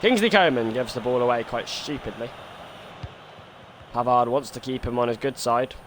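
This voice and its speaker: A man streaming a football video game, doing his own match commentary that swings from quiet musing to shouted goal calls. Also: mid-range voice, moderate pace. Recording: noisy background ambience.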